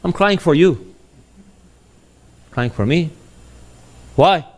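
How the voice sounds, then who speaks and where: A man's voice: fairly high pitch, expressive, slow, darkish tone. A man voicing a wise holy fool who earnestly warns a ruler. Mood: warning.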